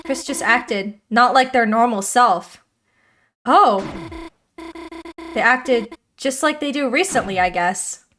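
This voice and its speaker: A woman voicing a shy, anxious teenage reindeer girl while reading game dialogue aloud, in a soft, hesitant manner. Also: fairly high pitch, slow pace, pauses often. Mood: uneasy.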